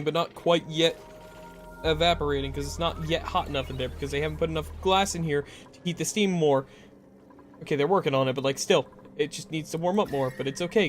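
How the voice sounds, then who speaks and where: A man's voice: on the high side, quick pace, soft background music. A man streaming a game, talking to himself, swearing often and getting frustrated. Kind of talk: casual gameplay commentary.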